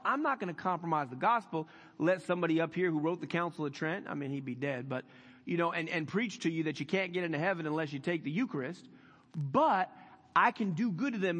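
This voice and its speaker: A pastor preaching a sermon in a folksy, conversational way, rising to emphatic swells. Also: male voice, high-pitched, a bit bright, big-room sound.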